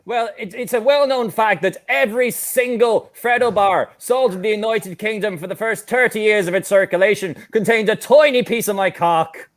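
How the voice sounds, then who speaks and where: A bellowing, foul-mouthed frog mascot with a put-on Welsh lilt, as a man does the voice, sitting high in pitch. Indignant and coarse, he rants about his unpaid wages in an improvised comedy sketch. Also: normal speed, hardly any pauses, lightly acted. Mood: boastful. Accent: put-on Welsh accent.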